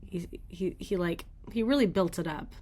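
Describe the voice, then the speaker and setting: A woman's voice: on the low side, normal speed, dark tone. A woman hosting a daily weather radar show, thinking aloud in casual, rambling commentary as she looks at the maps.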